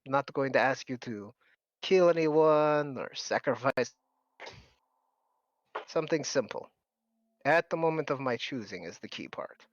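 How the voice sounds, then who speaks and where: A man's voice: mid-range voice, animated, a little slow, pauses often, no echo, highs cut off, lightly acted. A man playing a suave scheming devil lord. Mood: bargaining. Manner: smooth, polite, bargaining.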